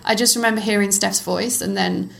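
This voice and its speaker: A middle-aged woman, a former cyclocross racer, chatting as an interview guest and telling lively stories with frequent laughter. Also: medium pitch, a little fast, creaky, noisy background. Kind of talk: casual conversational storytelling.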